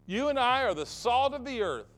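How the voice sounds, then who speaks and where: A man's voice: extremely high pitch, very animated, normal speed, fairly bright tone. A man preaching a sermon as pastor of his church, emphatic and fond of repeating phrases for effect.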